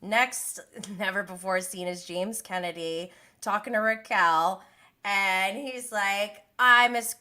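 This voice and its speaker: A woman's voice: mid-range voice, slow, sharp tone. A young woman hosting a casual recap livestream, chatty and gossipy, who laughs often. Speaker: host of a reality TV recap livestream.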